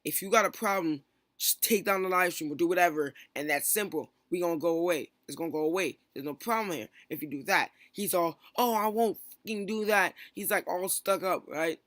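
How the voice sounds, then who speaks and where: A young man telling a long, rambling storytime about an online feud. He keeps restarting and slips into quick quoted bursts of what others said. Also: fairly high pitch, a bit bright, dry recording, clean studio sound. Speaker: stream moderator. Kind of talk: casual storytime rant.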